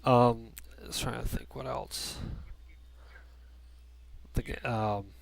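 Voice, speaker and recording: A man's voice: medium pitch, steady tone, takes it slowly, creaky. A man giving a casual spoken movie review from a room at home, rambling with many restarts and fillers.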